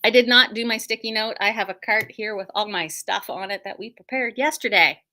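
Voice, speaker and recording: A woman's voice: mid-range voice, brisk, pushed and bright. A middle-aged woman, hosting a casual livestream from her quilt shop, joking and self-deprecating as she rambles.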